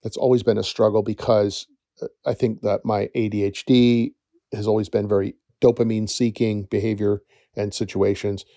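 A man's voice: on the low side, little pitch movement, moderate pace, warm tone, dry recording. A middle-aged man hosting a podcast, telling a story in a chatty, rambling way that often corrects itself mid-sentence. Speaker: podcast host, forest educator. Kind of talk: casual storytelling monologue.

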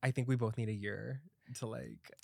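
Young male podcast host, chatty and giggly, close dry mic, mid-pitched. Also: steady tone, normal speed, gravelly, dry recording. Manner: chatty, laughing, lots of "like". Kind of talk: casual chat.

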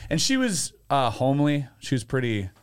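Profane animated male storyteller. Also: medium pitch, normal speed, clear, resonant tone. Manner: animated, profane, acts out quotes. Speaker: storyteller guest. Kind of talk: casual storytelling chat.

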